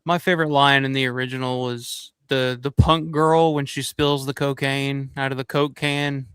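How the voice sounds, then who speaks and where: A man's voice: mid-range voice, flat delivery, moderate pace, a bit bright, clean tone, no echo, studio quality. A man hosting a live stream, chatting casually and swearing freely. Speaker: host.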